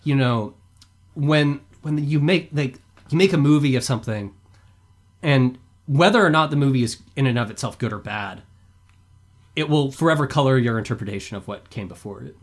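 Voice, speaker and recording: A young adult man, a podcast guest, talking in a rambling, animated way full of filler words. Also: mid-range voice, moderate pace. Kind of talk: casual discussion.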